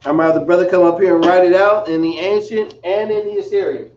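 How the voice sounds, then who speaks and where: A man teaching a language lesson, spelling words out slowly with casual slang asides. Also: high voice, fairly even intonation, darkish tone. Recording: roomy, dull, from a distance.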